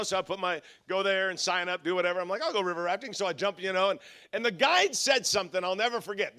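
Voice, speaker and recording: A man's voice: high voice, bright, forceful tone. A man preaching at a church leadership conference, telling humorous stories and acting out the voices of the people in them. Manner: humorous storytelling with quoted voices. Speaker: pastor. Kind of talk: conference sermon.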